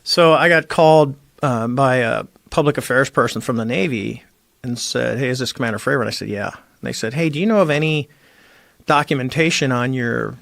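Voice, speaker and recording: A man's voice: mid-range voice, fairly quick, vocal fry, fairly bright tone, no room sound, clean studio sound. A middle-aged man, a former Navy squadron commander, telling his story as a podcast guest and acting out the voices he quotes. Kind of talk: casual storytelling interview. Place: podcast studio.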